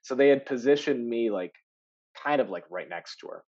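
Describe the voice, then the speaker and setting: A man who works as an actor, telling stories in a casual podcast chat, animated, laughing often and full of fillers. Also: mid-range voice, moderate pace, muffled recording. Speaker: actor guest.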